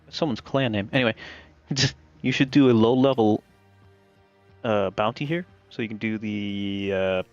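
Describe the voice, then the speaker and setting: A man's voice: lowish voice, measured pace, no echo, highs cut off, soft background music. A man playing with friends, directing the group and swearing casually. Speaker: co-player. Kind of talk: casual gaming chat.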